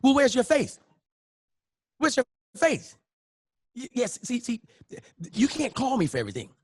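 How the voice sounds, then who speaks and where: A man's voice: very high-pitched, wildly swooping pitch, normal speed, husky, no echo, studio quality, pitched above the performer's own voice, heavily acted. Man doing a smug old church-preacher dad. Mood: pious. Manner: churchy, genteel, stuttering 'uh'. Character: older male preacher father, pious and smug.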